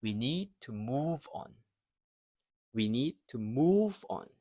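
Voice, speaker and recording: A man teaching English pronunciation, carefully modelling words and phrases, then pausing so learners can repeat after him. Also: mid-range voice, very animated, dark tone, no echo, studio quality. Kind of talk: slow, deliberate pronunciation drill.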